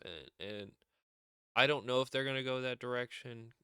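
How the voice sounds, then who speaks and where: A man's voice: mid-range voice, moderate pace, pushed and bright, clean tone, dry recording. A man giving a rambling, casual recap as a show reviewer, often acting out quotes. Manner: rambling, acts out wrestlers' lines in raised voice.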